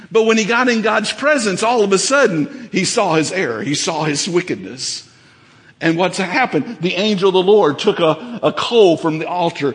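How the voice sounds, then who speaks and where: A man preaching a sermon in a church, folksy and fervent, building up to shouts. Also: high-pitched, in a large hall. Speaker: pastor. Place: church sanctuary.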